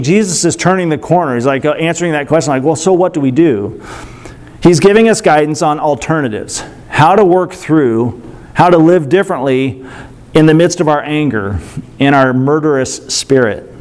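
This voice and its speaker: A middle-aged male pastor giving a sermon, telling a story with animated, self-deprecating humor. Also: a little high.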